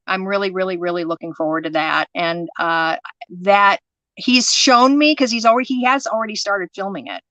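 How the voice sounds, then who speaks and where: A woman's voice: mid-range voice, fairly bright tone, no room sound, poor audio. A woman chatting as a guest about acting in fan films, enthusiastic and laughing often, on a video call. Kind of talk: casual chat.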